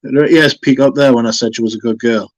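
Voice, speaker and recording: A man hosting a fragrance livestream, chatting casually and reading viewer comments aloud in a relaxed, chatty way. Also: mid-range voice, brisk, no echo. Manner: relaxed, chatty, yawning now and then.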